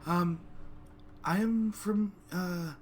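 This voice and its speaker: A man's voice: high-pitched, very slow, a little mellow, a little hiss or hum. A man voicing a foreign woman trader with a heavy, unfamiliar accent. She speaks earnestly and a little apologetically in a tabletop game.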